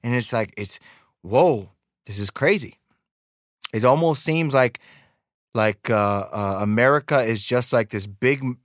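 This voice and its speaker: A man's voice: mid-range voice, no room sound, studio quality. A man hosting a podcast, delivering an emphatic, ranting monologue full of rhetorical questions and long repeated lists. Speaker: podcast host.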